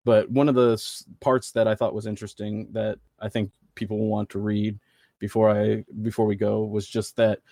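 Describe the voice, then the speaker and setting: A man speaking as a podcast guest in casual discussion, earnest and halting, with many fillers and restarts. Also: lowish voice, flat delivery, creaky, warm tone, no room sound, studio quality.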